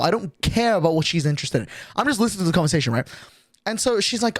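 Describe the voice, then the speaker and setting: A man's voice: high voice, lively intonation, racing, no room sound. Exasperated young man ranting, swearing. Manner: exasperated, profane, rambling with many restarts. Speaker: streamer. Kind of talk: casual storytime rant.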